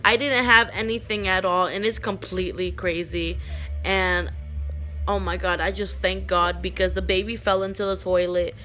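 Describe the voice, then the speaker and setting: A woman's voice: medium pitch, steady tone, moderate pace, bright, forceful tone, soft background music. A young woman telling a personal story to the camera in a rambling, emotional way, raising her voice when she quotes others. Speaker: vlogger.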